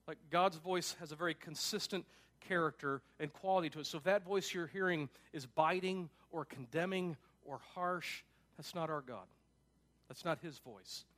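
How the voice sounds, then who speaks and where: High-voiced pastor preaching conversationally. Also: male voice, normal speed, fairly bright tone. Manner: emphatic, casual asides with frequent "like". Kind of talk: conversational sermon.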